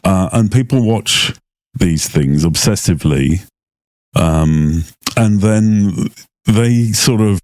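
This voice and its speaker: Middle-aged man, very low voice, slow, podcast co-host, agreeable, dry close mic. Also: lively intonation, darkish tone, no room sound. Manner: unhurried, agreeable, gropes for words with fillers. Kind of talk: casual podcast chat.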